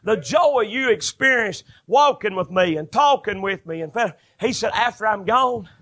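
A man preaches a fervent sermon. His voice is high and bright, and it climbs into shouted, ringing stretches. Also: lively intonation, normal speed. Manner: fervent, rising to shouted bursts.

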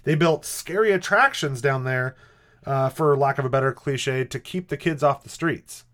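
A man's voice: mid-range voice, normal speed, a bit bright. A man co-hosting a podcast in casual chat, rambling and hesitant with wry asides. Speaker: podcast co-host.

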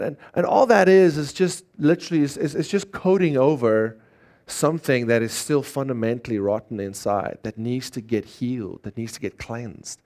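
A man's voice: mid-range voice, moderate pace, darkish tone. A man preaching a sermon, earnest and emphatic, leading call-and-response in a church service. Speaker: pastor.

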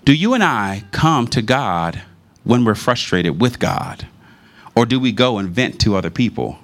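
A man preaching a sermon in a conversational, animated storytelling manner. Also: mid-range voice, measured pace.

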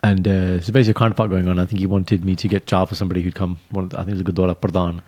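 A young man co-hosting a podcast, chatting casually, animated and laughing often, dropping Punjabi phrases in. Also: deep voice, very fast, no room sound. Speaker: podcast co-host. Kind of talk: casual chat.

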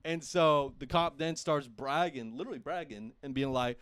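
A young man casually telling a profane, animated story among friends, laughing often. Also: a little high, normal speed, smooth, dry recording. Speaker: podcast host.

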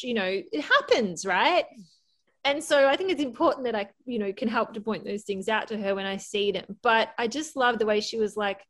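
Candid, animated woman podcast guest. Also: fairly high pitch, fast. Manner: candid, animated, laughs often, acts out quotes. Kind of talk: casual storytelling.

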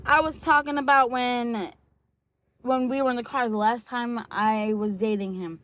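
This vlogger, a woman in her twenties, speaks in a fairly high, even voice at a moderate pace while candidly telling a personal story. Blunt and profane, she leans on "like" and "um" and reenacts quoted dialogue. The recording sounds dull and lo-fi.

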